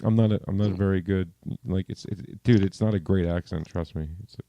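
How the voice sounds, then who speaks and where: A man's voice: deep voice, a little fast, dark tone, no echo. A man hosting a podcast in casual chat, rambling and self-deprecating, often repeating words. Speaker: podcast host.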